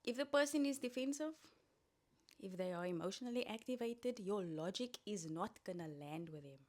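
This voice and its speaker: A woman's voice: mid-range voice, lively intonation, moderate pace, darkish tone. A woman hosting a solo podcast, giving casual, coaching talk with playful asides. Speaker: podcast host.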